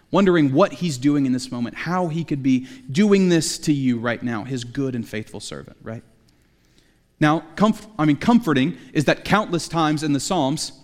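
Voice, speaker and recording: A man's voice: on the high side, big-room sound. A man preaching a sermon in a conversational way, with jokey asides. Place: church sanctuary.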